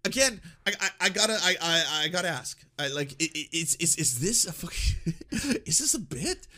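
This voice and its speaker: High, bright male commentator, incredulous and exasperated, swearing often in casual reaction talk. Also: very animated, normal speed. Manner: exasperated, swearing, laughing in disbelief.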